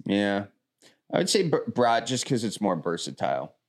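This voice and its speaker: A man from the American Midwest answering rapid questions in an easygoing, rambling way. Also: lowish voice, sing-song. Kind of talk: casual chat.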